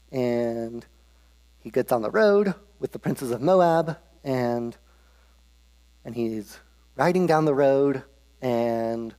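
A man's voice: medium pitch, a little mellow. A man preaching in a casual, humorous storytelling way, with frequent restarts, in a hall with a long echo. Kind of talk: casual Bible storytelling sermon.

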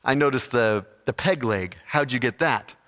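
A man's voice: mid-range voice, normal speed, fairly bright tone, big-room sound, lightly acted. A man voicing a polite, puzzled male hiring manager who asks his questions hesitantly.

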